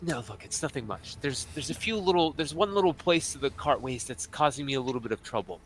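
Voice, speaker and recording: A scheming goblin lord in pirate finery, as a man puts him on, wheedling and brusque by turns. He keeps repeating words to win his listeners over. The tone is bright and forceful, at an even middle pitch. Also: fast. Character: finely dressed male pirate goblin lord, sly and scheming.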